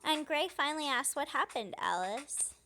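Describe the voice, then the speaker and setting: A woman's voice: high-pitched, lively intonation, normal speed, bright, forceful tone, faint music behind. A woman casually translating game dialogue aloud as a let's play host, reading the punctuation out. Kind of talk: casual live translation commentary.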